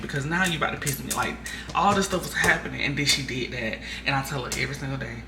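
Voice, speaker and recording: Young woman vlogger, casual and chatty; recorded from a distance in a roomy space with steady background noise. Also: a bass voice, quick pace. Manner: chatty, venting with frequent fillers. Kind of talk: casual chat.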